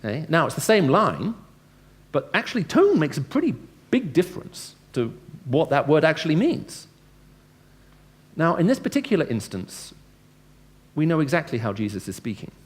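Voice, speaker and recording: A man's voice: fairly high pitch, huge pitch swings, normal speed. A man giving a lecture-style evangelistic talk to a live audience, speaking conversationally and asking his listeners questions. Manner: acts out dialogue with changing tone. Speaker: Christian speaker.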